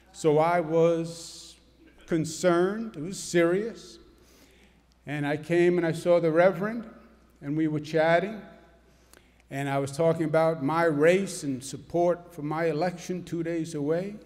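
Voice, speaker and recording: A middle-aged man with a rather high voice tells a lively, humorous story to a congregation. He speaks in a big church, his words ringing with long reverb. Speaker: politician giving a speech. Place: large church. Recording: long echo of a church hall.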